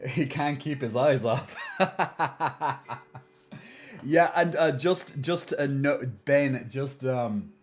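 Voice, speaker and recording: A man's voice: medium pitch, drawn-out words. A man chatting casually and playfully to his live-stream viewers, full of fillers and restarts, and at times putting on a mock-solemn tone. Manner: mock-solemn when playing up sad news.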